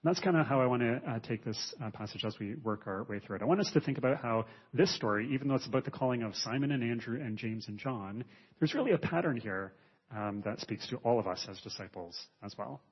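A husky-voiced man preaches in a measured, teaching way, pausing often on small fillers. His sound is somewhat dull and lo-fi, carried by a long reverb from the church hall around him. The pitch sits in a middle range for a man. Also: expressive. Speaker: pastor. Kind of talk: sermon.

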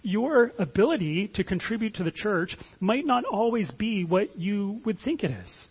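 A man's voice: sits high, sing-song, moderate pace, breathy edge, highs cut off. A pastor giving a conversational sermon, often repeating words as he starts a phrase.

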